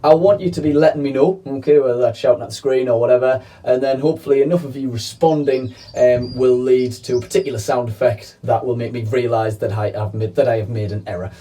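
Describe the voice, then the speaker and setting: A man leads a children's lesson with a soft, mellow voice. He talks in a chatty, playful way and keeps checking in with his young viewers. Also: medium pitch, steady tone, fast talker, few pauses, distant mic. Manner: playful, chatty teaching with frequent "okay?" checks. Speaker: primary school teacher.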